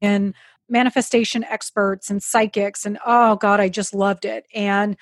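Woman, podcast guest, casual storyteller, middle pitch, dry close sound. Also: little pitch movement, unhurried, dry recording. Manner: chatty storyteller, many "like"s. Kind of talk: casual chat.

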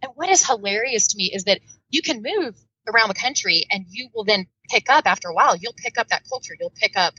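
Bright-voiced woman with a Southern Indiana twang. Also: medium pitch, lively intonation, fast talker, few pauses, slightly rough, muffled recording. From Midwestern United States. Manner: upbeat, laughs often, chatty. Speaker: guest author. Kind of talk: casual podcast interview.

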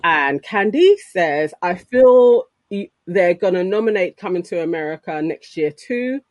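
A woman's voice: lowish voice, big pitch swings, moderate pace, no echo. A woman co-hosting a casual chat show, reading viewer comments aloud in a chatty way. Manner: chatty, laughs easily while reading. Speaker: podcast co-host.

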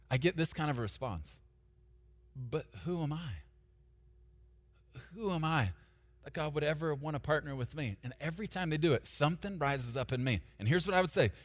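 A man pastor preaching a sermon, swinging from loud emphatic declarations to quiet asides while talking straight to the congregation. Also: medium pitch, big-room sound. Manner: directly addresses the congregation, asking them to take notes.

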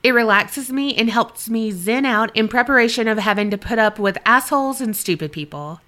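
A woman co-hosts a paranormal podcast, chatting frankly and laughing easily. Her voice has a bright, forward edge. She reads listener emails aloud in a relaxed, conversational way. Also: on the high side, brisk. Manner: candid, swears freely, laughs often. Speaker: podcast co-host. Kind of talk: casual chat and reading listener stories.

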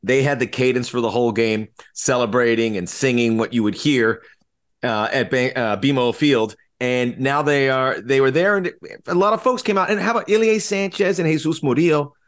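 A man's voice: medium pitch, moderate pace. Upbeat man co-hosting a sports podcast. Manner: upbeat, joking, frequent fillers. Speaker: podcast co-host. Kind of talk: casual sports podcast chat.

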